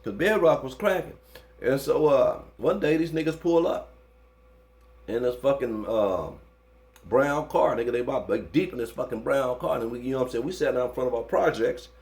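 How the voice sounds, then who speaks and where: Here a man speaks at normal speed in a mid-range voice, telling an interviewer a story. The language is slangy, casual and profane, peppered with "you know what I'm saying," and he livens up when the fight comes up.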